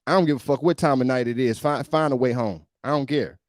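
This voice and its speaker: A man's voice: mid-range voice, fast, no echo, clean studio sound. A male podcast host giving emphatic, preachy reaction commentary on a video, often repeating himself.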